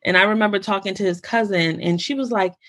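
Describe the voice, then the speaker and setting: A woman guest on a podcast, in casual, animated conversation, talking in quick bursts and restarting her sentences often. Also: medium pitch. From United States. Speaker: podcast guest, founder of a mental health community.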